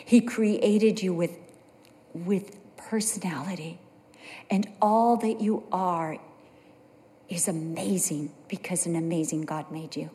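A woman's voice: lowish voice, steady tone, takes it slowly, mellow, in a large hall, slight background noise. A middle-aged woman preaching a sermon, telling stories with earnest conviction. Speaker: pastor's wife preaching.

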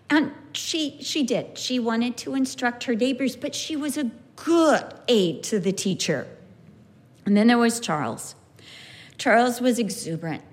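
A former kindergarten teacher, a woman, telling stories about her class in an animated way, acting out her pupils' voices. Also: a little high. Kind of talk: personal storytelling.

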